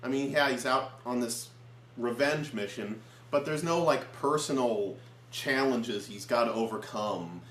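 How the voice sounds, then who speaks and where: Man, co-reviewer, mid-pitched, earnest, explains at length, echoey room, faint hum. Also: measured pace, fairly bright tone. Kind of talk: casual chat. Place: his home.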